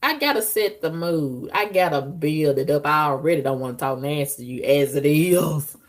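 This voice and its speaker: A woman talking frankly to her viewers in a casual, profane monologue, breaking into loud squealing outbursts. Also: low-pitched, lively intonation, normal speed. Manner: frank, profane, conversational drawl.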